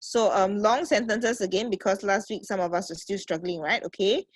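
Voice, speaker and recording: A woman's voice: medium pitch, fairly even intonation, normal speed. A woman teacher with a Singaporean accent runs an online English lesson through her computer mic. She keeps checking in with her students and calls them sweetheart. The sound is dry and close, with no room echo. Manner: checks in constantly with "okay" and "right?".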